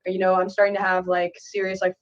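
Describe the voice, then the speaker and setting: A woman's voice: mid-range voice, completely flat delivery, fast talker, dull audio. A young woman content creator explaining herself earnestly, with lots of fillers. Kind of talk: explaining in casual talk.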